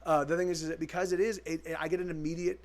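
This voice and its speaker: A man's voice: on the high side, little pitch movement, rapid-fire. A man, a musician, chatting casually with viewers during a live stream, rambling with many restarts and the odd swear word.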